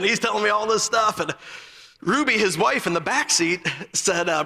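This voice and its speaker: A man preaching a fervent, story-filled sermon in a strikingly high, piercingly bright voice. Every so often he rises into an emphatic shout, and a long hall reverb trails behind each phrase. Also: brisk.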